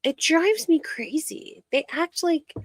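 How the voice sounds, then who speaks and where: A woman's voice: sits high, expressive, slow pace, no echo, clean studio sound. Exasperated woman ranting over clips. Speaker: reaction commentator. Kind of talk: casual ranting commentary.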